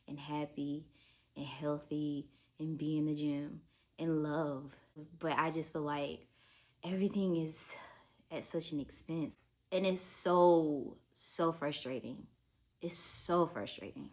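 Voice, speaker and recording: A young woman with a low voice talks straight to her camera, confiding and frank. She keeps it loose and personal and swears casually. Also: steady tone, measured pace. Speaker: vlogger. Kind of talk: candid talk to camera.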